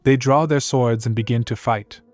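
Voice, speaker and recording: A man reading a scripted story recap in a flat, even, somewhat stiff way. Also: mid-range voice, moderate pace, no room sound, soft background music. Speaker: narrator. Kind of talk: scripted manhwa recap narration.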